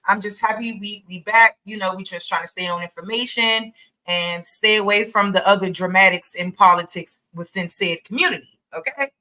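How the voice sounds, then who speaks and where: A woman who makes online content, speaking in casual group discussion in a relaxed, sincere way. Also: medium pitch, moderate pace. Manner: relaxed, sincere, laughs easily.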